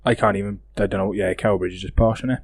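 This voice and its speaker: A man with a South Welsh accent chatting on a podcast, animated, jokey and sweary. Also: fairly low pitch, fast, no room sound, studio quality. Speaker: podcast co-host. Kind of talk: casual chat.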